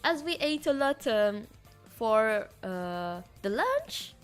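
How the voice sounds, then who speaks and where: A woman with a French accent, a streamer telling stories in casual chat with hesitant fillers and animated delivery. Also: a little high, slow, clean tone, soft background music. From France. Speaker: VTuber streamer.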